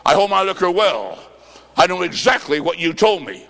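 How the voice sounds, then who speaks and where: A plainspoken, newly saved woman speaks in a frank, matter-of-fact way, voiced by a male preacher. The voice sits fairly high. It carries a long, echoing hall tail. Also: sing-song, moderate pace, gravelly, a bit bright, heavily acted. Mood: blunt.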